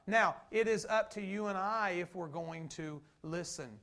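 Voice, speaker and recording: A man's voice: high-pitched, unhurried, few pauses, fairly bright tone. A man preaching a sermon from the pulpit, talking conversationally and acting out quoted lines. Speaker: pastor.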